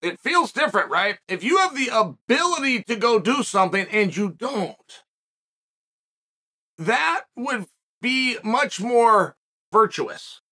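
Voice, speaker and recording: Bright, high-voiced man musing aloud. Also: sing-song, slow. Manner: reflective, rhetorical questions, frequent restarts. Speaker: podcast host. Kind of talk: commentary monologue.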